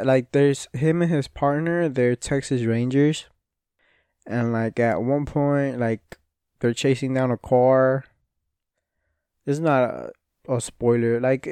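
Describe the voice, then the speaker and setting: A man talks slowly in a casual solo podcast, rambling and swearing with frequent fillers and restarts. His voice is smooth and clear, recorded dry and close with no room sound. He sounds a little sniffly. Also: medium pitch, mellow, dry recording. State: sniffly and yawning. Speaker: podcast host.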